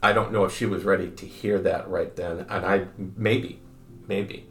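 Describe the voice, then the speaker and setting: An older man, a grandfather, telling stories in conversation, halting and repeating words, acting out the people in them. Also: sits low, fairly even intonation, echoey room. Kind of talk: conversational storytelling.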